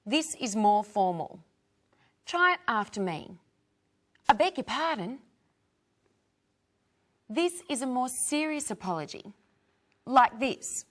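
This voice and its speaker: A woman teaching English phrases, clearly modelling each one for learners to repeat. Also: on the high side, sing-song, slow, long pauses. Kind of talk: slow teaching with repeat-after-me drills.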